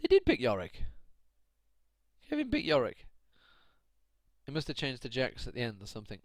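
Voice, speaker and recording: Man, solo stream caster, chatty, laughing, ranting at chat, medium pitch, dry close mic. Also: wildly swooping pitch, moderate pace, dry recording. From United Kingdom. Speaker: esports caster. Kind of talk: solo live stream commentary.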